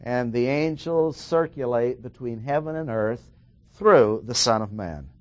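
A man preaching a verse-by-verse sermon, emphatic and slowing down to stress the key words. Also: mid-range voice, lively intonation, dry recording.

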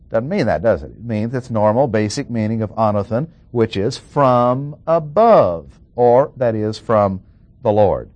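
A man preaching a sermon and explaining a Bible passage, who stresses key words slowly and asks his listeners questions. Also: mid-range voice, expressive, a little mellow, dry recording, muffled recording.

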